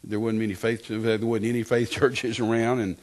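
An older man from West Texas, preaching and telling his testimony as a lively story, often repeating phrases. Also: lowish voice, moderate pace. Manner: animated storytelling, repeats phrases, acts out quotes. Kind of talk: sermon testimony.

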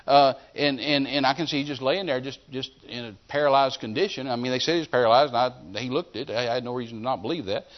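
A man preaching a sermon, telling a healing story in an animated way and acting out the scenes. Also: mid-range voice, quick pace, hardly any pauses. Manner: animated storyteller who acts out scenes and shouts commands. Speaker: evangelist preacher. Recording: dull lo-fi sermon recording.

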